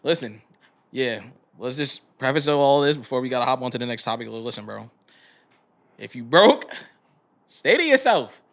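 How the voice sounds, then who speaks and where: A man's voice: medium pitch, animated, moderate pace, pauses often, fairly bright tone. A man co-hosting a casual podcast chat, laid-back and slangy, telling stories from friends. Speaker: podcast co-host.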